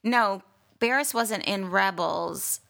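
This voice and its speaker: American woman podcast co-host, playful and laughing, bright gravelly voice, casual chat. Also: takes it slowly. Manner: playful, laughs often, voice jumps high when excited.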